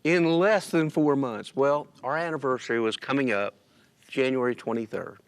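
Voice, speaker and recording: Guy with a gravelly voice telling a personal story, a bit teary, acts out what everyone said. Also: mid-range voice, moderate pace. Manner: emotional, storytelling, quotes himself and others. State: tearful. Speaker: church member sharing his story. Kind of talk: personal testimony in a casual interview. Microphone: church stream recording.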